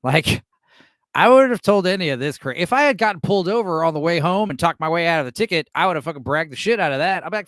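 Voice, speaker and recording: Streamer host, man in his thirties, swears freely, bouncy delivery, slightly raised pitch. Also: fast, no room sound, clean studio sound. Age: 30s. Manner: animated, profane, laughs often. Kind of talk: live reaction stream commentary.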